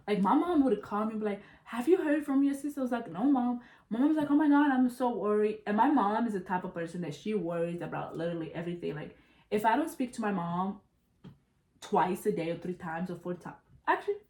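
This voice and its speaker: A young woman telling a story in casual chat, animated and profane, calling her listeners "y'all". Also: medium pitch, brisk. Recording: roomy echo.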